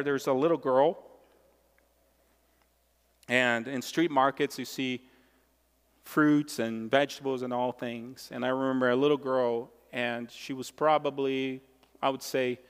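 Slow, impassioned preaching man. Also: fairly high pitch, fairly bright tone, smooth. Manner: impassioned, emphatic preaching with repeated phrases. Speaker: pastor. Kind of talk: sermon. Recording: long reverb of a large hall.

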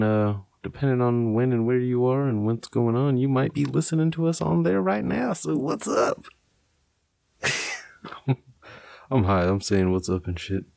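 A man's voice: mid-range voice, creaky, a little mellow, no echo. A young adult man hosting a podcast in casual chat, laid-back, swearing and laughing often. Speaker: podcast host.

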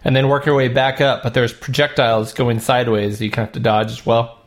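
A man's voice: mid-range voice, level tone, a little fast. A man co-hosting a casual retro gaming podcast, easygoing and joking, chatting about games with his co-host. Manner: easygoing, laughs often, joking asides.

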